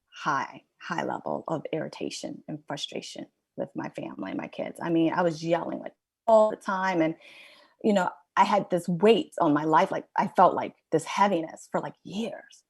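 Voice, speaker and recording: A middle-aged woman telling a personal story as a podcast guest, candid and rambling, with many "like"s and "you know"s. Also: lowish voice.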